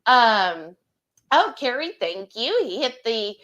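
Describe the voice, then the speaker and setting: A woman co-hosts a live cooking stream, animatedly greeting viewers by name and reading their comments aloud. Her voice is on the high side and she speaks slowly.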